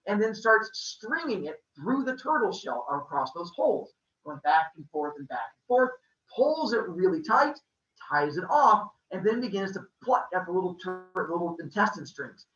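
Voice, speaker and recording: Man telling a joking, animated story. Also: high-pitched, normal speed, roomy sound, far from the mic, muffled recording. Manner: casual, jokey, makes sound effects. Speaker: podcast host. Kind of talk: comedic mythology storytelling.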